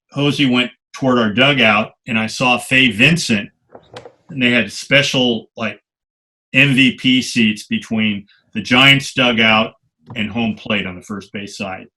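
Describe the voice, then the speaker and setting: An older man, a photographer guest on a podcast, telling long animated anecdotes with some salty language. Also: medium pitch, measured pace. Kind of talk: storytelling interview.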